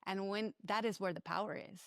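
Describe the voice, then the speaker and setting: A woman co-hosting a spiritual wellness podcast, speaking in a reflective, gently affirming way. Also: medium pitch, steady tone, fairly quick, vocal fry, no echo, clean studio sound. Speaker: podcast co-host.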